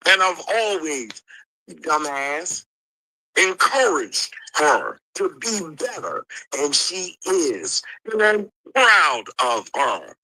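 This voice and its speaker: Man, heated livestream argument, angry, profane, repetitive insults, bright voice, lively pitch. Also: slow pace, dry recording, poor audio. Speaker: livestream participant. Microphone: streaming call mic.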